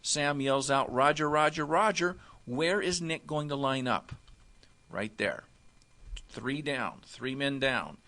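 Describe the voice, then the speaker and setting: A man teaching football defensive alignment step by step, often pausing to check with "okay?". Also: mid-range voice, pushed and bright. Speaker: football coach. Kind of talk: instructional walkthrough.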